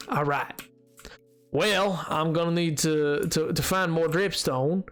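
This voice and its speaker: A man streaming a game, chatting casually and excitably with his viewers. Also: fairly high pitch, slow pace, soft background music. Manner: chatty and excitable, reacting to chat. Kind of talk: casual chat while playing.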